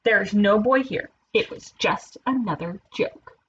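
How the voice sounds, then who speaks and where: A woman voicing a young, mischievous male wolf who loves playing tricks and shouts for help in a high panic. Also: measured pace, muffled recording, a little hiss or hum, close to an everyday voice. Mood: cheeky.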